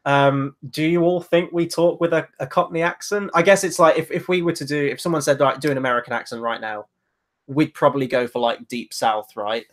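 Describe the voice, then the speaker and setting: A man's voice: on the high side, fairly even intonation, fairly quick. A man hosting a casual film review, conversational and wry.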